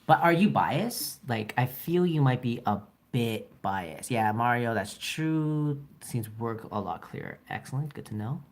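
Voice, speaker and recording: A man's voice: mid-range voice, animated, a little slow, hardly any pauses. Young male livestreamer, playful and teasing, casual chat with viewers while drawing. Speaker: livestreaming artist.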